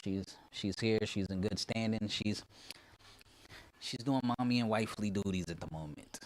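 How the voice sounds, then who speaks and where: A pastor chatting casually as he opens a livestream, his audio glitched into a pitched-up chipmunk sound. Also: moderate pace. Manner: loose, chatty, greets viewers by name.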